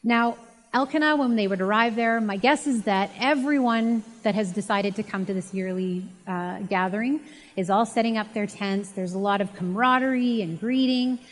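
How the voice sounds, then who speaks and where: A woman's voice: medium pitch, moderate pace. A woman giving a casual, chatty Bible teaching and retelling the story in a conversational way. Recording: long reverb.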